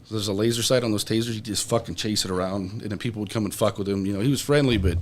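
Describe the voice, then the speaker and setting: A young man with a fairly low voice tells stories in a loose, rambling way, swearing freely as he drifts on and off the point. He is a podcast guest in casual conversation, talking easily with the host. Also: very fast, slight background noise. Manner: profane, rambling anecdotes. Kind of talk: casual storytelling.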